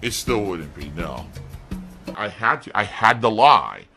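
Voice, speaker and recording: A man's voice: on the low side, big pitch swings, measured pace, bright, forceful tone. A man streaming live, reading out donation messages and answering them defensively and sarcastically. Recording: stream clip with faint music.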